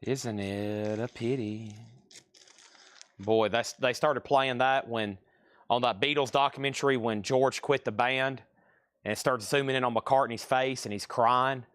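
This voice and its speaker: A man's voice: mid-range voice, steady tone, normal speed, fairly bright tone, clear, resonant tone, no echo. A man hosting a live record and cassette sale, chatting casually as he names items and prices. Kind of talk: casual live-stream selling.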